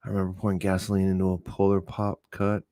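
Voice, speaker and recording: With a lowish voice, a podcast host from Oklahoma tells stories to a live audience, loose and cheerfully profane. He's animated, jumping high in pitch to act out quoted voices, speaking at a quick pace in a dry, close recording.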